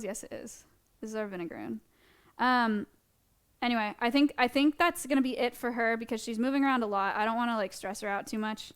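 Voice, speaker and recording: A young woman chats casually on a live stream, gushing with affection as she shows off a small creature. Her voice sits a little high, and her talk is loose and full of fillers. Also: a little fast, smooth. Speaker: streamer showing sanctuary animals. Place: indoor animal sanctuary room.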